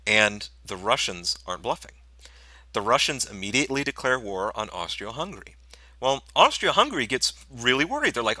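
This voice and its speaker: Brief: male history lecturer, very bright and sharp tone, animated storyteller who corrects himself on the fly. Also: mid-range voice, fairly quick, no echo. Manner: animated storytelling, acts out nations as speakers; loose, conversational, with self-corrections. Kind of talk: recorded classroom lecture.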